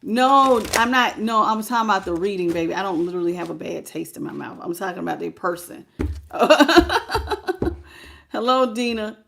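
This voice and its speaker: A woman's voice: mid-range voice, lively intonation, fast talker, vocal fry, hardly any pauses, fairly bright tone, slight background noise. A woman giving a casual tarot reading, talking bluntly and colloquially and chatting with her viewers. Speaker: tarot reader.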